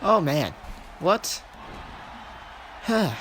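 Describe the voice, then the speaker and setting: A young man doing excited play-by-play commentary over a wrestling video game, repeating himself and shouting at the big moments. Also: a little high, brisk, a little hiss or hum.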